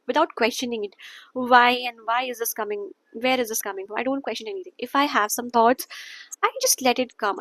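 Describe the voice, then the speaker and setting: A woman's voice: fairly high pitch, dry recording, poor audio. Earnest young woman with an Indian accent. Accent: Indian English. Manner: earnest and repetitive, slips into Hindi phrases. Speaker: wellness vlogger. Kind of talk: casual talk to camera.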